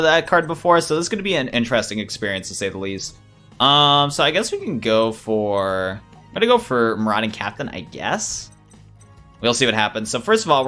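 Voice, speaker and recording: A young man giving excited, rambling let's play commentary while he plays. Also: medium pitch. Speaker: gaming YouTuber.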